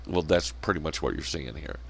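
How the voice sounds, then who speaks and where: A man hosting his own channel delivers a profane, sarcastic rant, mocking others with scornful quotes. His voice rumbles low with vocal fry, and he speaks a little fast.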